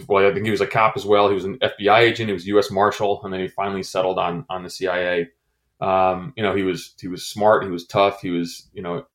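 Low-pitched man, halting, lots of fillers and restarts, interview guest. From United States. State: choked up. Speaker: guest, former intelligence officer. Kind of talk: recounting a personal story in an interview.

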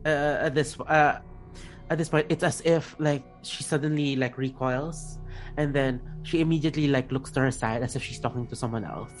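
A man's voice: mid-range voice, fairly even intonation, normal speed, faint music behind, low-quality recording. A man narrating a tabletop game as game master, hesitant and full of restarts. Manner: hesitant, lots of fillers and restarts.

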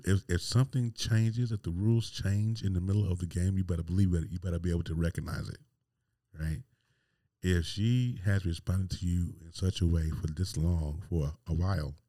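A deep-voiced man tells a personal story on his podcast. He rambles candidly and restarts his sentences often. His tone is dark and mellow, and the recording is dry and close. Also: dry recording. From North Carolina. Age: 40s. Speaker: podcast host.

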